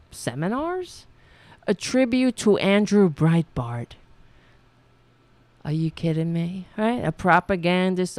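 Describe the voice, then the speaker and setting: A woman hosting a political livestream talks slowly in a low, gravelly voice. Her pitch swings widely as she mocks what she reads, blunt and profane. She stops often to hunt for the right word. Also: no echo. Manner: halting, searches for words. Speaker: livestream host. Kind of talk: casual political commentary livestream.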